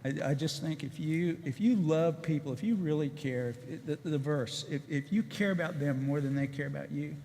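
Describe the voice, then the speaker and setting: An older man, a retired chief executive, telling stories in a casual, animated way with many restarts and asides, as a guest in a church service. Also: fairly high pitch, moderate pace, vocal fry, hardly any pauses. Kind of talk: casual testimony on stage. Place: church auditorium. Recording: long reverb of a church hall.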